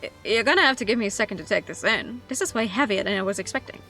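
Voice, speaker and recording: A woman's voice: medium pitch, expressive, rapid-fire, pushed and bright, faint music behind. A woman reading the lines of a blunt, skeptical young man who doubts his friend. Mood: doubtful.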